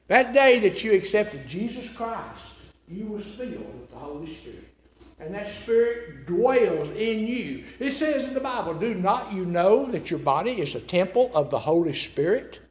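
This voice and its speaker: A male preacher delivering a sermon in a high, lively voice that rises and falls widely. He hammers his points with repeated phrases and rhetorical questions. The sound carries the echo of a roomy hall. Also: unhurried. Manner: emphatic, repetitive, with rhetorical questions. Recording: echoey room.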